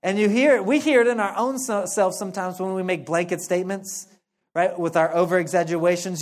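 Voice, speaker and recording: A male pastor giving a casual, conversational sermon, playful and animated, laughing often and dropping slangy asides. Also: sits high, a little fast.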